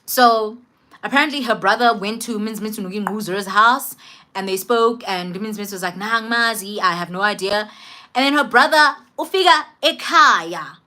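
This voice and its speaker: A young woman with a South African accent telling a storytime vlog in an animated, emphatic way. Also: a little high, normal speed. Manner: animated, code-switching, emphatic. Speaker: vlogger.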